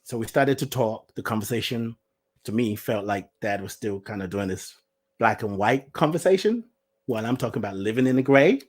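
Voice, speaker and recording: A guest host and life coach from Nigeria, telling a personal story to an online group and acting out the quoted lines with big jumps in pitch and loudness. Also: a little fast. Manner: animated, acts out quoted lines with big swings in pitch and loudness, laughs often.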